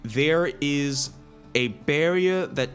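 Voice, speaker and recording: A man's voice: fairly high pitch, very slow, a bit bright, soft background music. A man running a tabletop game as dungeon master, explaining the rules with many restarts.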